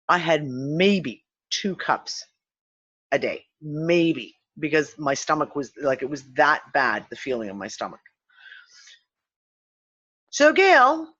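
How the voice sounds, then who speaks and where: A woman hosting a casual discussion, telling a story with swearing and acted-out quotes. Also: lowish voice. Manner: animated, profane, acts out quotes. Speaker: host of a spiritual discussion show. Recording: slightly dull lo-fi sound.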